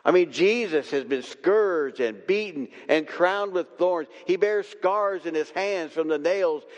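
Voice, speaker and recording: Pastor, male, slightly high voice, deliberate sermon delivery, church hall echo. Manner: slow, emphatic preaching with long pauses and repeated refrains. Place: church sanctuary. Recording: long reverb of a church hall.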